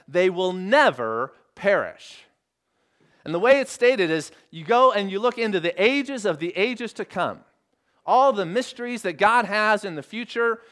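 A man's voice: high voice, fairly bright tone. A man preaching a sermon, explaining scripture in an emphatic way. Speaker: pastor.

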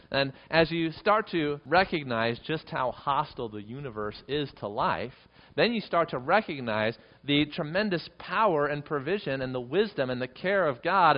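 Earnest male preacher, slightly lo-fi. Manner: earnest preaching, swells loud and high on repeated phrases. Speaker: pastor. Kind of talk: sermon.

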